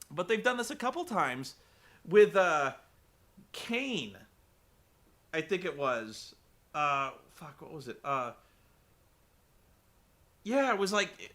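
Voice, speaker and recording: A man gives a casual, comedic wrestling recap, laughing and swearing offhandedly. His voice is high and bright and swings widely in pitch. The delivery stays animated.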